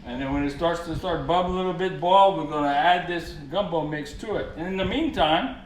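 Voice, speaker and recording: A man's voice: fairly high pitch, fairly quick. A man with a Cajun accent hosting a cooking video, telling folksy jokes as he cooks. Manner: folksy, joking storyteller. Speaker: cooking show host. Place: home kitchen. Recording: echoey kitchen, faint background hum.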